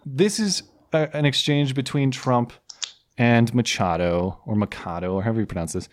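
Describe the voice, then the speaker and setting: A man's voice: mid-range voice, sing-song, normal speed. Sarcastic man hosting a podcast. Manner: sarcastic, mocking; rambling with restarts. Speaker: podcast host. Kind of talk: casual political chat.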